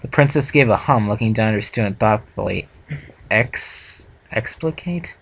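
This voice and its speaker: A man's voice: lowish voice, fast, creaky, slight background noise, rough recording. A man reading a fanfic aloud for a reaction video, stumbling over words and laughing often.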